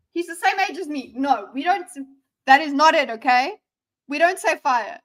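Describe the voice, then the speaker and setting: Woman, 30s, streamer, high voice, sarcastic, animated reaction commentary. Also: unhurried, low-quality recording.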